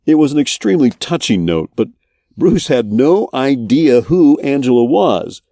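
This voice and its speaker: A man's voice: mid-range voice, very animated, moderate pace, mellow, dry recording. Male podcast host, scripted narration, dry booth sound.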